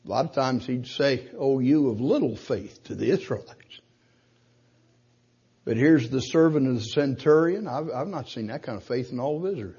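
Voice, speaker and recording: A man preaching a sermon, slowing down and rising in force when he quotes scripture. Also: medium pitch, expressive, mellow, slightly rough, highs cut off. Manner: emphatic preaching, slows and rises to quote scripture.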